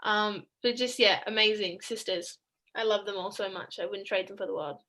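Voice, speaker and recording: A woman's voice: mid-range voice, steady tone, normal speed, bright, forceful tone, poor audio. A young Australian woman, a college basketball player, chatting in a video call interview and laughing often between sentences. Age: young adult.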